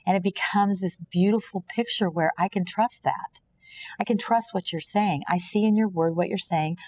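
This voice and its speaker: A woman's voice: medium pitch, normal speed, a little mellow, a little hiss or hum. A woman from Kansas, a podcast guest, earnestly sharing a personal faith testimony and often acting out imagined dialogue. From Kansas, USA.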